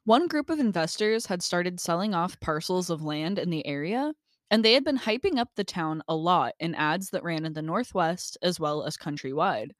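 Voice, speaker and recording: A woman's voice: fairly low pitch, lively intonation, moderate pace, dry recording, studio quality. A woman co-hosting a podcast in casual chat, upbeat, laughing often and reading from her notes. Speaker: podcast co-host.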